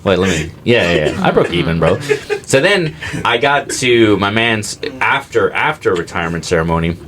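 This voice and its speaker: Rambling, excitable young man. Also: lowish voice, moderate pace, crowd noise. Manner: rambling, excitable storytelling with lots of "like" and "dude". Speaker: podcast co-host. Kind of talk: casual comedy podcast chat.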